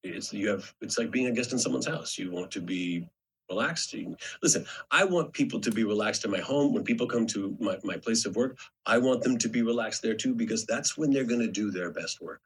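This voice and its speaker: Husky-voiced man telling a story. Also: fairly low pitch, fairly quick. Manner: storytelling, animated when quoting. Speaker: actor, podcast co-host. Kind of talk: casual conversation.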